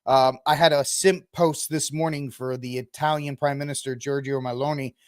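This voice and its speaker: A man's voice: medium pitch, fairly even intonation, normal speed, clear, resonant tone, no room sound. Rambling male podcast host, dry sound. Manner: rambling, filler-heavy, self-correcting. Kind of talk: casual news commentary livestream.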